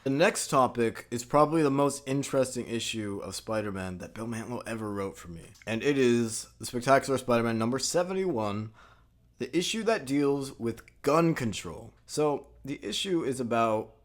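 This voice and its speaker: A man's voice: mid-range voice, normal speed. A man hosting a video essay, who narrates in a conversational way with filler words and the occasional swear.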